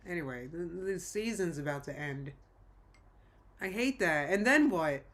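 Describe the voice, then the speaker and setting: Bright-voiced woman chatting on a live stream. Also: sits low, expressive, a little slow. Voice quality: rambling, self-interrupting. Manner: chatty, laughs often, reads chat aloud. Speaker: livestream host. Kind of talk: casual live-stream chat.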